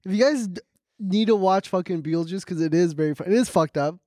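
A man's voice: sits high, fast, a little mellow, dry recording, clean studio sound. A young man co-hosting a podcast in loose, laughing, swearing casual chat. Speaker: podcast co-host.

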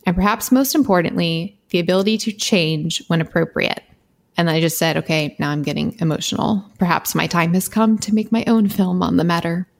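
A woman's voice: on the low side, a little fast, vocal fry. A woman co-hosting a podcast, reading her own writing aloud in an earnest, impassioned way and laughing now and then. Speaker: podcast co-host.

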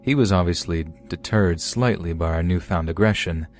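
A man hosting a podcast, reading listeners' true horror stories aloud in a steady storytelling way. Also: low voice, normal speed, soft background music. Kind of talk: scripted horror story narration.

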